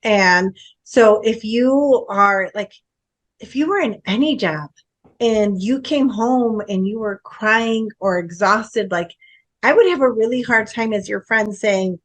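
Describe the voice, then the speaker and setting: A woman with a mid-range voice tells stories as a podcast guest. She talks in an animated way and acts out what other people said. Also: mid-range voice, slow pace. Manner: animated storytelling, acts out quoted speech. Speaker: guest author, educator. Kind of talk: casual podcast conversation.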